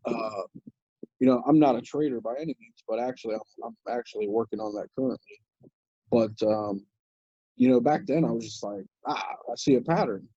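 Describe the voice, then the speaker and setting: A man with a husky, mellow voice talks in a relaxed, rambling way, full of "um"s and restarts. The sound is dry and a bit muffled, like a video call. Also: medium pitch, a little fast, dry recording. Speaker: guest crypto commentator. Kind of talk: casual chat.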